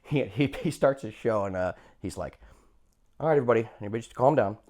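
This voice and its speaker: Animated rambling storyteller man. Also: lowish voice, fast. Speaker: podcast co-host. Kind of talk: casual comedic chat.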